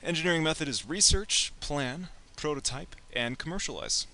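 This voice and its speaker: A man's voice: fairly high pitch, animated, normal speed, bright, forceful tone. A young man teaching a casual, joking lecture on science and engineering, acting out imagined speakers with playful asides.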